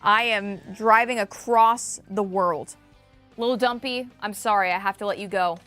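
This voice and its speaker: A woman co-hosting a livestream, excitable and self-mocking as she plays a racing game and chats with her viewers. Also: medium pitch, moderate pace, faint music behind. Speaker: livestream co-host playing a kart racing game. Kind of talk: casual livestream banter.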